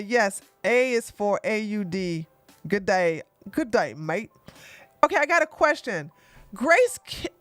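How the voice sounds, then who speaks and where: A woman's voice: sits high, fairly bright tone, dry recording. A woman hosting a casual livestream, chatty and exclamatory, thanking viewers by name. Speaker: livestream host.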